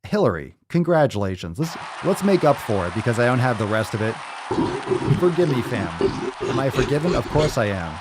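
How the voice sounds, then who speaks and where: A man hosts a fitness podcast in a casual, swearing, joking manner. He reads listener letters out loud and keeps cutting in with his own cracks. His pitch sits right in the middle for a man. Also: sing-song, a little fast, a loud crowd, heavy background noise. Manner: profane, joking, reads letters aloud with running asides. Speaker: podcast host. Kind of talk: casual chat reading listener messages.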